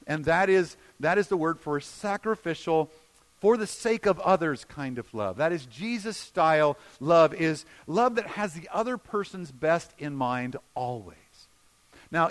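A male pastor preaching a sermon, shifting between emphatic points and hushed, slow retellings of scenes. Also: a little high. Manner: expressive, drops to a hushed voice for quoted scenes.

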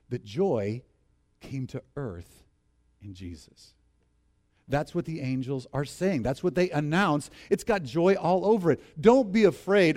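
A man preaching a sermon in an animated way, reading scripture with laughter and leading the congregation in repeating lines. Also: fairly high pitch. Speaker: pastor.

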